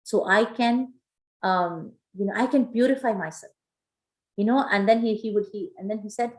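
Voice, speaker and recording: A woman's voice: mid-range voice, normal speed, low-quality recording. Woman telling a sacred story in class. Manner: animated storytelling with many fillers. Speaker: teacher.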